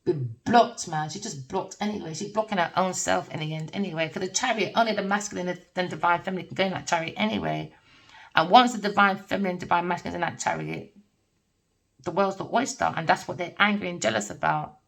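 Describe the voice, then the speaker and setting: A woman's voice: on the low side, fast, gravelly. A middle-aged woman giving a rambling spiritual tarot reading, blunt and swearing freely, often breaking into laughter. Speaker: tarot reader. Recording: voice distant from the mic.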